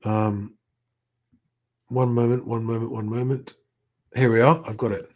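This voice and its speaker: A man's voice: mid-range voice, level tone, unhurried, darkish tone. A middle-aged man hosts a casual live stream, reading out chat comments and rambling with many fillers and restarts.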